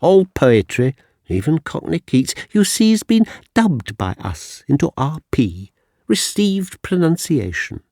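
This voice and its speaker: A man's voice: fairly high pitch, very animated, unhurried, a little mellow, dry recording, studio quality, voice pushed up, heavily acted. A man voicing a pompous, posh male schoolmaster who lectures and scolds in a haughty, clipped way. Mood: condescending.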